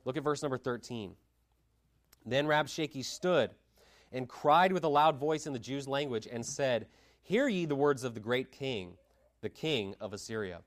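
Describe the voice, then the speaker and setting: A man delivers a sermon, reading scripture aloud and breaking off to explain it. His mid-range voice jumps up in pitch and volume on the words he stresses, then drops low and quiet. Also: animated, moderate pace. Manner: emphatic, dynamic pitch swings, reads scripture aloud. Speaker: preacher.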